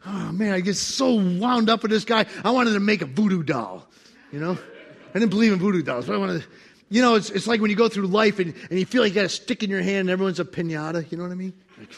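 A middle-aged male pastor preaches in a high voice with plenty of gravel and fry. He tells stories from his own life, acts out the other voices in them, and swings between quiet asides and loud, urgent preaching. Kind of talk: sermon with personal stories.

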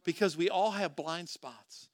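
A man's voice: sits high, a little slow, no room sound. A man preaching a sermon as pastor, talking to the congregation in a conversational way, with rhetorical questions and frequent restarts.

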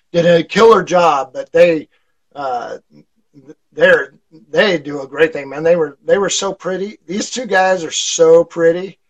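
A man's voice: a little high, rough recording. A man being interviewed on a casual podcast, telling stories in a rambling way with lots of fillers and chuckles. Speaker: podcast guest, fire instructor.

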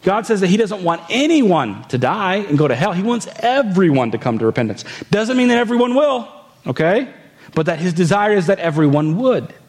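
A man's voice: high voice, sing-song, fairly quick. Man preaching a conversational sermon. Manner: conversational preaching, rhetorical questions to the congregation; reads scripture aloud, then explains it. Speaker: pastor.

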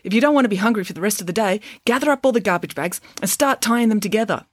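A woman doing a brisk, logical schoolgirl. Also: mid-range voice, lively intonation, no room sound, clean studio sound, voice pushed up, close to an everyday voice. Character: clever, matter-of-fact schoolgirl detective.

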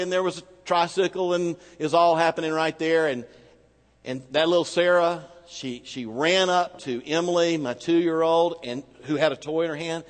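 A man with a high-pitched voice preaches in a relaxed, storytelling way, dropping into slow, deliberate phrasing for emphasis. His voice carries a long reverb tail, as if from a large sanctuary. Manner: conversational storytelling with emphatic slowdowns. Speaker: pastor. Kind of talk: sermon with personal story.

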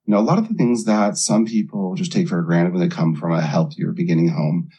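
A man's voice: deep voice, fairly quick, mellow, slightly rough. A middle-aged man, a life coach, earnestly telling his own story in an interview.

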